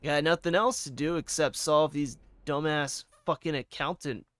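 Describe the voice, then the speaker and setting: A man's voice: on the high side, fairly even intonation, normal speed, a bit bright, no room sound. A man giving casual gameplay commentary, wry, crude and offhand. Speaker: let's-play commentator.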